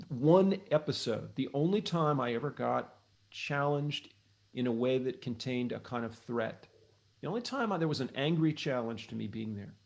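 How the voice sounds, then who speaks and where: A man's voice: medium pitch, vocal fry. A middle-aged man from the United States, a guest on an interview show, telling long reflective stories with many restarts. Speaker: interview guest, blues harmonica player and author. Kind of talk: casual interview storytelling.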